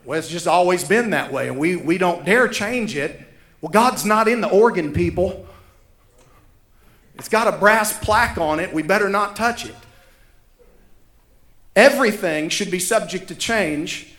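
A man's voice: sits high, lively intonation, unhurried, long pauses, fairly bright tone, echoey room. A man, preaching a sermon as pastor, emphatic and repeating key lines for effect. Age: 30s.

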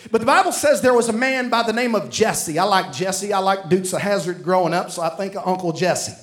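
High-voiced preacher telling a story. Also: male voice, lively intonation, a little fast, fairly bright tone. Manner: storytelling, acting out dialogue, calls to congregation. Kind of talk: sermon.

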